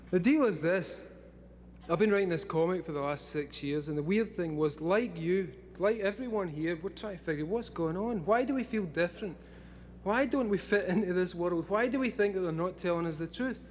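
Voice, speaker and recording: A man's voice: high voice, normal speed, slight background noise. A Scottish man in his forties giving a rambling talk to a live audience, swearing freely and laughing often. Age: 40s. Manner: profane, laughing often, excitable. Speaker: speaker at a live event.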